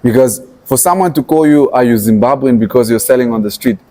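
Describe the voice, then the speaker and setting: A man's voice: medium pitch, brisk, mellow. A man, a guest in a podcast interview, telling his story animatedly and acting out his own past thoughts as quotes. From Namibia. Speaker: entrepreneur and activist guest.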